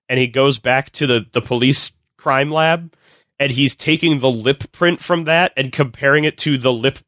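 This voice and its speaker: A man, a podcast guest, retelling a film's plot in casual, animated, swearing chat. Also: mid-range voice, no echo, clean studio sound. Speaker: podcast guest recapping a film.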